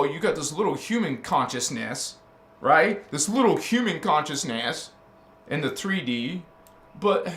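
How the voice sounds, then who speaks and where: Fervent preaching man, higher voice, roomy echo. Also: fairly bright tone. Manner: fervent, needling, full of rhetorical questions and stammered restarts. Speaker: spiritual teacher. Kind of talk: preaching monologue.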